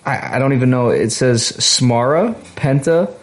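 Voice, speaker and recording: A man's voice: medium pitch, unhurried. A young man co-hosting a casual podcast in a mid-range voice. He runs a guessing game and teases his partner in a dry, wry way. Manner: dry, wry teasing delivery. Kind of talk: casual chat.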